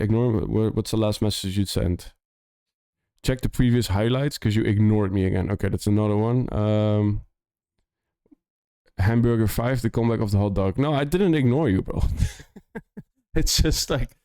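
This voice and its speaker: A man's voice: fairly low pitch, normal speed, mellow, clear, resonant tone, no room sound, clean studio sound. Young Dutch man chatting on stream. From Netherlands. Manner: rambling, full of "like" and restarts. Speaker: music producer streamer reviewing demos. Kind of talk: casual live-stream chat.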